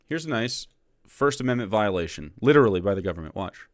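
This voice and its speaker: A man's voice: lowish voice, animated, fast, dry recording, studio quality. A man commenting scornfully on a clip, profane and mocking. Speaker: political streamer. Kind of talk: reaction commentary.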